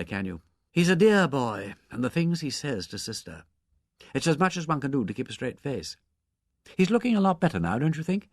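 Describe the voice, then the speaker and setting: A man's voice: mid-range voice, dry recording, clean studio sound. A man voicing a chatty hospital nurse who gossips fondly about her patient.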